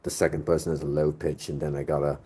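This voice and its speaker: A man's voice: very deep voice, little pitch movement, fast, mellow, a little hiss or hum. A man in his thirties chatting casually with his audience in a crude, joking, rambling way. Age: 30s. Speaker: streamer reading chat. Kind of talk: casual chat.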